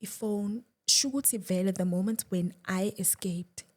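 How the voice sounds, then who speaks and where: A young woman, a guest, telling a personal story with emotion, dropping to a hush at times and restarting her words. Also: mid-range voice, normal speed. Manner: shifts between loud and hushed, restarts.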